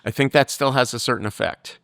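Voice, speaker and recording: A man's voice: mid-range voice, a little fast, vocal fry, a bit bright, no room sound, clean studio sound. A man giving a rambling, digressive interview answer, full of fillers and restarts. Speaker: guest. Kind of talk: political interview.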